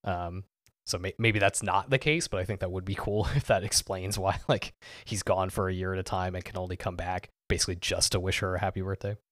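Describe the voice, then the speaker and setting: Low-pitched and fairly even in intonation, this podcast co-host talks briskly with a slightly bright tone. The recording is dry and studio-clean, and his casual chat rambles, stuffed with "like" and "um."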